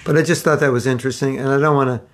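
A man's voice: mid-range voice, steady tone, rapid-fire, slight background noise. A man giving a casual online scripture class as teacher, rambling and joking at his own expense. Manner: rambling, self-mocking humor. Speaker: spiritual teacher.

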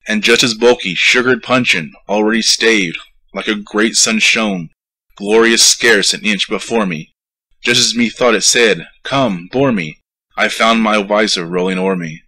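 A man's voice: on the low side, a little slow, sharp tone, slightly rough, no room sound, full character voice, poor audio. A man reading a poem aloud, voicing a stout male rat that survived and recounts his feast with glee. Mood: gleeful. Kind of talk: poetry recitation.

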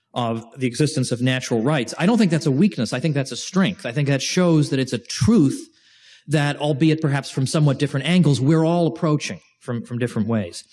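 A man giving an informal lecture to a class, chatty and animated, with restarts and joking asides. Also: fairly high pitch.

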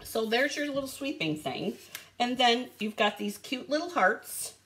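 A bubbly woman chats through a casual live stream, calling out viewers by name. Her voice sits a little high and swings widely up and down, and she talks at an easy, slow pace. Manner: lively rising and falling pitch. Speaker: live stream host showing craft supplies.

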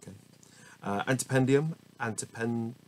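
A man's voice: medium pitch, normal speed, a little mellow, rough recording. A man reading dictionary entries aloud at home, often stumbling over hard words, correcting himself and laughing at his own mistakes. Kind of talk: casual unscripted reading with asides. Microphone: small camera mic.

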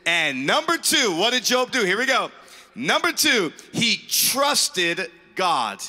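A man's voice: sits high, sing-song, takes it slowly, sharp tone. A man pastor co-preaching a sermon, enthusiastic, reading scripture aloud and affirming each point. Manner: enthusiastic, repeats "I love that statement". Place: church sanctuary. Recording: long reverb of a church hall.

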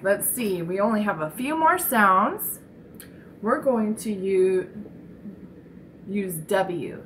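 A woman teaching a children's speech lesson, demonstrating sounds slowly and encouraging the listener. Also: mid-range voice, a bit bright, a little hiss or hum, rough recording.

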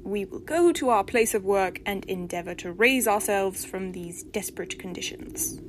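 A woman's voice: mid-range voice, moderate pace, a little hiss or hum, natural voice. A woman voicing the prim, haughty spirit of an old-fashioned lady from a bog body, speaking with formal, peevish diction in a storybook reading. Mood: imperious.

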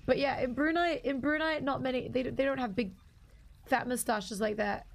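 A woman's voice: sits high, steady tone, moderate pace, vocal fry. A young woman streaming a game live, chatting casually with viewers and greeting them by name while her voice is partly lost and slightly strained.

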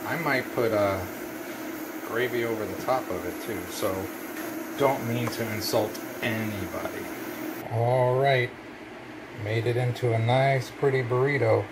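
A man's voice: medium pitch, a little slow, noisy background. A middle-aged man hosting a casual cooking vlog, chatty and folksy, poking fun at himself. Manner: chatty, folksy, self-deprecating. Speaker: cooking vlogger.

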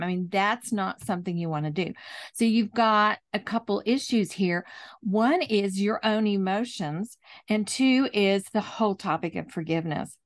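A woman hosting a chat, calmly explaining forgiveness in a measured, teaching way. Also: medium pitch. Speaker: host, Christian speaker.

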